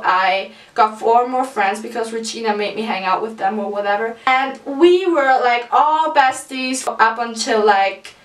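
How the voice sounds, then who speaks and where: A woman, telling a storytime vlog in a chatty, profane way full of "like" fillers. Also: a little high. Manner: chatty, profane, lots of "like" fillers, laughs through it. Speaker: vlogger. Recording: roomy, mic at a distance.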